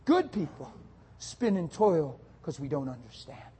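Husky pastor preaching with rising intensity. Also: male voice, very animated. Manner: swings from soft and low to loud, high-pitched exhortation; rapid-fire rhetorical questions. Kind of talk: sermon.

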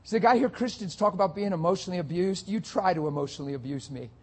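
A male pastor preaching a sermon, dropping soft and low at times and building to loud, rapid rhetorical questions. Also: breathy edge. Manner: swings from soft and low to loud, high-pitched exhortation.

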